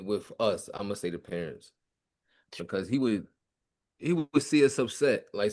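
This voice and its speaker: A father answering a podcast interviewer in a casual, halting way, often repeating words as he reflects on his son. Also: mid-range voice, a little mellow.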